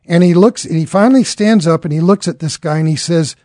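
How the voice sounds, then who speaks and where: A man's voice: fairly high pitch, a little fast, mellow, no room sound, clean studio sound. A man telling a dramatic story in an earnest way, acting out the characters' lines as he goes.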